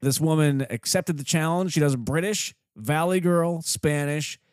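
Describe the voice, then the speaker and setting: A man's voice: fairly high pitch, unhurried, clean tone, no echo, clean studio sound. A man hosting a radio show in an easygoing way, chuckling and setting up segments. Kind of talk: casual radio banter.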